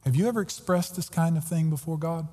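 A man's voice: on the high side, fairly quick, dark tone. A pastor preaching a sermon earnestly and emphatically, often repeating his words as he goes. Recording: long hall reverb.

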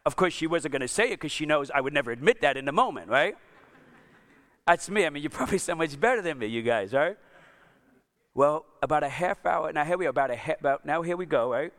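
A man's voice: fairly high pitch, animated, quick pace, a bit bright. A man preaching a sermon, telling a self-mocking story and chatting with his congregation. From Italian-American. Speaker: pastor.

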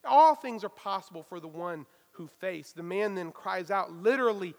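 A man preaching a sermon, swinging between loud emphatic stresses and hushed asides. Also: high-pitched, moderate pace, few pauses, long reverb tail. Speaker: pastor.

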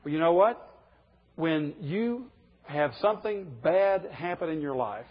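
A male preacher delivering a sermon, animated and jumping up high in pitch when he quotes complaints. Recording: dull echoey hall.

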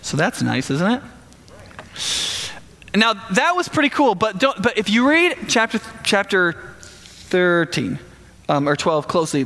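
A man preaching a casual sermon, retelling the story with animated acted-out quotes and asides. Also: sits high, long reverb tail. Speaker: pastor.

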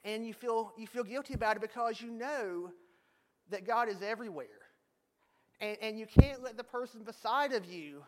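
High-voiced male pastor, casual storytelling sermon delivery. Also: lively intonation, normal speed, a little mellow. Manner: storytelling, joking with the congregation.

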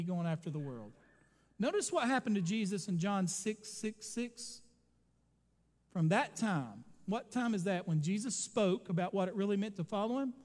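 A pastor preaching a sermon in a high, ringing voice. He swells into sudden loud bursts, then slows to drawn-out words for effect. The church behind him carries a long, lingering reverb. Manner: preaching with sudden loud surges and dramatic slowdowns. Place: church sanctuary.

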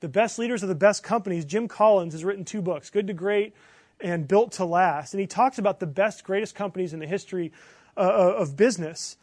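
A man preaching a sermon as pastor, earnest, building to emphatic bursts and then dropping low. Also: fairly quick, darkish tone, no room sound, clean studio sound.

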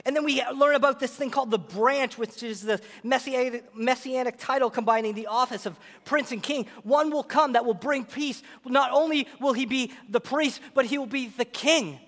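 A pastor delivers his sermon with animated energy, slipping into dramatic quoted voices. He is a man with a strikingly high-pitched voice. The sound rings out with a long reverb, as if he stands in a big church hall. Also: normal speed, few pauses.

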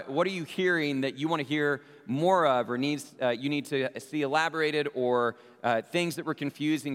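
A man who is a pastor, praying and then giving church announcements in an earnest manner with frequent "uh" fillers. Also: a little high. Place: church sanctuary. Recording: reverberant church hall with soft music.

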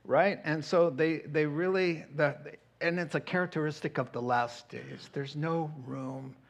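A middle-aged man preaching a sermon as pastor, animated and acting out quoted voices. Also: a little high, measured pace, creaky.

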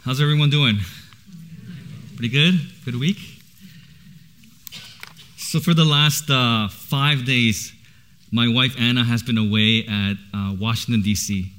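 A man's voice: medium pitch, steady tone, a little slow, pauses often, fairly bright tone, slight background noise. A man in his thirties preaching in church, casual and chatty, with a lot of laughter. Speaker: pastor. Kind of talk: sermon with personal stories.

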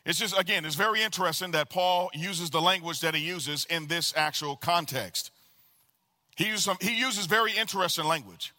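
A man preaching a sermon as pastor, animated and calling out to the congregation for responses. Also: high-pitched, moderate pace. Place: church sanctuary. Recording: long reverb of a large hall.

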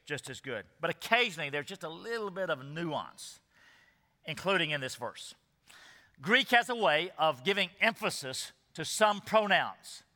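In a hall with echoing reverb, a male pastor delivers an expository sermon with earnest emphasis, often asking his congregation rhetorical questions. He sounds a little high, very animated, bright and forceful, speaking at normal speed.

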